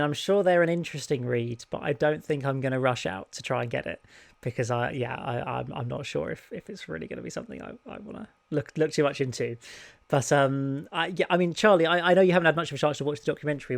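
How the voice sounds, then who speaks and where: Male podcast host, hesitant and stammering, gravelly voice, dry close sound. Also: mid-range voice, a bit bright, no echo. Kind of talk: casual review chat.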